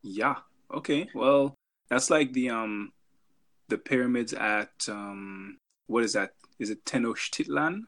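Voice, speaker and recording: A man's voice: mid-range voice, takes it slowly, a bit bright. A man co-hosting a podcast in casual chat, joking and rambling with lots of fillers. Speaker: podcast co-host.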